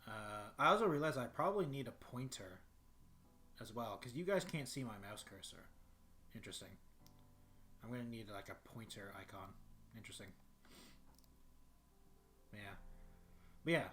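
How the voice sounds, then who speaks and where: A man's voice: fairly low pitch, expressive, normal speed, pauses often, sharp tone, soft background music. Rambling young man streaming from his bedroom. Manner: rambling, many fillers and restarts. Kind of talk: casual solo livestream chat.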